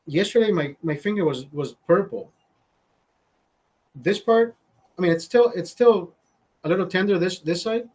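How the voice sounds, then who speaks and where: A man's voice: high-pitched, normal speed, long pauses, a little mellow, slightly rough. A man hosting a live stream, telling a long story in casual, profane chat, repeating himself and breaking off mid-sentence. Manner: profane, rambling, self-interrupting. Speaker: livestream host.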